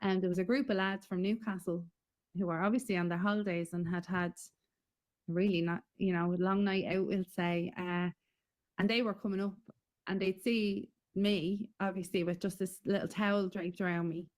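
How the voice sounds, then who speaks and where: A middle-aged Irish woman giving a halting, emotional personal testimony as a guest in an interview. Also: mid-range voice, fairly even intonation, a little mellow. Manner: halting and emotional, with frequent pauses and fillers.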